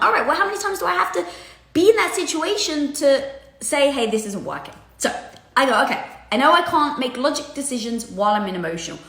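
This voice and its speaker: A woman hosting a live video, giving casual motivational talk in a candid, animated way with lots of fillers and casual swearing. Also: on the high side, quick pace. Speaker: host of a live social media video. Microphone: headset or phone mic. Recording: echoey room sound.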